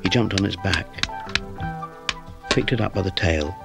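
A man narrating a children's storybook in a gentle, expressive way. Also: deep voice, measured pace, gravelly. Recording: music behind.

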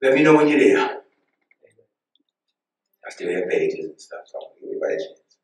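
A man preaching a sermon as pastor, telling personal stories in an animated way, often laughing at them. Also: medium pitch, a little fast. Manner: animated, laughs at his own stories, acts out voices. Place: church sanctuary. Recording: very echoey church room, mic far off.

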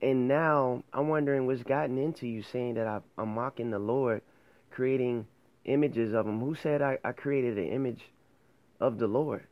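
A man's voice: mid-range voice, steady tone, moderate pace, no room sound, muffled recording. A man hosting his own faith show, talking casually and earnestly to camera, rambling and correcting himself as he goes. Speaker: host of an online faith show.

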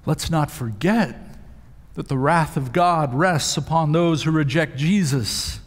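A man's voice: on the high side, slow pace. A male pastor preaching a sermon, telling stories with emphatic rises in his voice. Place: church sanctuary. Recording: long hall reverb.

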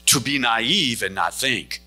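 A man's voice: medium pitch, lively intonation, slow, bright, forceful tone, soft background music. A male pastor preaching a sermon and telling a story, acting out the lines of each person in it. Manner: storytelling preacher who acts out dialogue. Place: church sanctuary.

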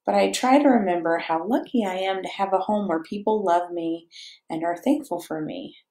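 A woman reading a picture book aloud to children in a playful, animated way, chatting to them and to her dog between pages. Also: fairly low pitch, normal speed. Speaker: children's story reader. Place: church or home room, echoey. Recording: echoey room.

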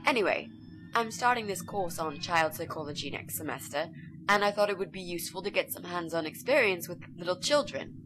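A woman's voice: fairly low pitch, lively intonation, a little fast, lightly acted. An actress voicing a pushy young female student in a game, eager and bossy, sweetly fake when she performs. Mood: sugary. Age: young adult. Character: pushy chirpy young woman student, scheming. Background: game music.

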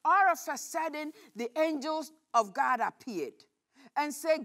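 Woman pastor, high voice, sermon, animated storytelling, rhetorical questions. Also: a little slow.

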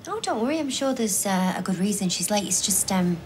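A woman's voice: mid-range voice, expressive, fairly quick, slight background noise, close to an everyday voice. An actress playing a flustered businesswoman, hesitant and stumbling over her words. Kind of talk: TV soap drama acting.

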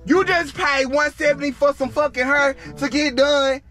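A young man in a car, scolding a friend loudly with profanity and dramatic threats. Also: extremely high pitch, steady tone, normal speed, faint music behind. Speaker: prank video co-star. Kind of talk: loud scolding banter. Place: inside a car.

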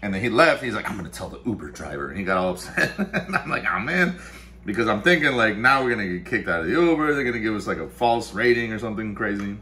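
The host, with a lowish, sharp voice, rattles on fast and animated with few pauses while brewing coffee at home in the kitchen-dining room. He curses and mutters to himself throughout, and there's a slight hiss or hum.

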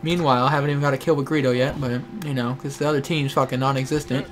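A man's voice: medium pitch, fairly even intonation, very fast, slight background noise. A young man hosting casual gameplay commentary, joking, swearing and laughing often. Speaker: gaming channel host.

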